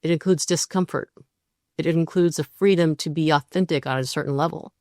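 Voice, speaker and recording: A woman hosting a relationship podcast, talking through ideas in a calm, measured monologue and briefly voicing quoted partners. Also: sits low, no room sound, studio quality.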